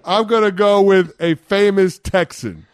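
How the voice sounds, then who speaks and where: A man co-hosting sports talk radio, animated and playfully indignant during a quiz game, close to a studio mic. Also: high-pitched, a little slow, background noise. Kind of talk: casual sports radio banter.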